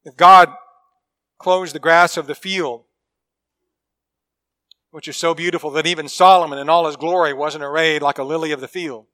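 A male preacher delivers a sermon in a high-pitched, bright voice. He talks earnestly and with emphasis, leaning on key phrases. He often sinks into quiet, intimate tones. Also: steady tone, normal speed, pauses often. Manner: earnest, emphatic preaching with dramatic drops to a hush; acts out quoted people in a story.

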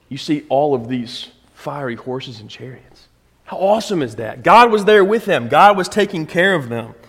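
A pastor with a mid-range, fairly bright voice preaches a sermon in a casual, conversational style, often asking the congregation "right?" to check in. The recording carries a long reverb from the hall.

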